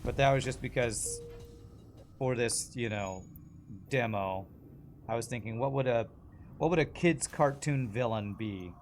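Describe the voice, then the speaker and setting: A man's voice: medium pitch, a little slow, pauses often, faint music behind. A man chatting casually as he streams a game, rambling and laughing often. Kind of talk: casual gameplay commentary.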